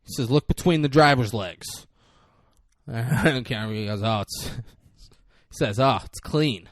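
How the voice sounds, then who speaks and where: A man's voice: mid-range voice, slow pace, no echo, studio quality. A man co-hosting a podcast, recapping a film in casual chat and swearing often. He acts out the characters as he tells it. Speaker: podcast co-host.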